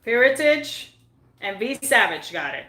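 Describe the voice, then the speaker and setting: A woman's voice: fairly high pitch, sing-song, unhurried, pushed and bright, reverberant, low-quality recording. A woman co-hosting a live stream, keeping score and reading out names, laughing easily.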